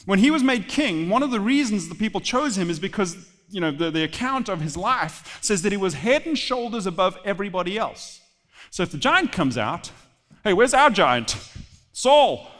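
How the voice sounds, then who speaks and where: A bright, high-pitched male pastor preaching in a church, his voice ringing with a long hall reverb. He tells the story in an animated, storytelling way with playful asides to the congregation. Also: brisk. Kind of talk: sermon.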